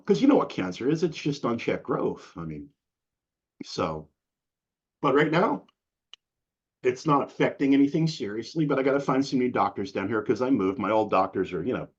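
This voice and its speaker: A man's voice: mid-range voice, animated, moderate pace, long pauses, husky. A middle-aged man as an interview guest, talking in a rambling, profane, casual way and saying "dude" a lot. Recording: dull lo-fi recording.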